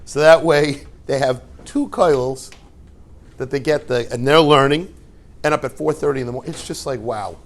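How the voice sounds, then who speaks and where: A man's voice: medium pitch, normal speed. A man, a rabbi and yeshiva head, giving an informal Torah talk to a class, telling stories with rhetorical questions and joking asides.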